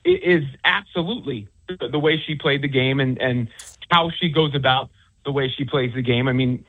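Husky man on a tinny phone line. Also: medium pitch, normal speed. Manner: rambling, many restarts and fillers. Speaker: author and sports commentator. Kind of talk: phone interview guest.

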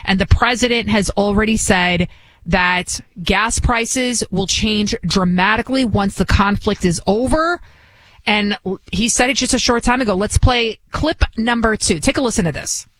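A woman host talks straight into a dry, close mic with no room echo. Her delivery is forceful and insistent, and she doubles back on phrases to hammer them home. Her pitch sits in an ordinary middle range. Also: moderate pace. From United States. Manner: emphatic, repeats phrases for stress. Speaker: talk show host. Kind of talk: opinionated political commentary.

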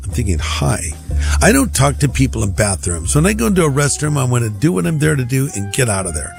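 A man's voice: mid-range voice, very animated, fast, creaky, soft background music. A middle-aged male pastor telling a humorous personal story, acting out the dialogue in a dry, droll way.

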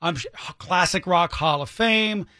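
A man's voice: sits high, measured pace, bright, forceful tone, no room sound. A man co-hosting a radio show from the studio, chatting casually and loosely with lots of fillers. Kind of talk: casual morning radio banter. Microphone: studio microphone.

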